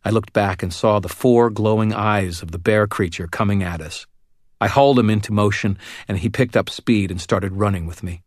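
A man narrating a first-person fantasy audiobook in a measured, wry delivery. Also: fairly low pitch, no room sound, studio quality.

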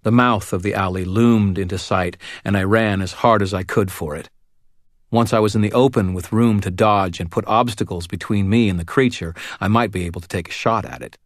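A man narrating a first-person fantasy audiobook in a measured, wry delivery. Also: fairly low pitch, no room sound, studio quality.

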